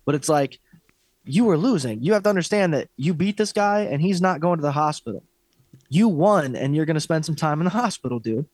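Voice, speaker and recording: A man with a fairly high, lively voice and a slightly mellow tone co-hosts a fight podcast, speaking a little fast. He's blunt, profane and opinionated in casual sports chat, and the recording is dry.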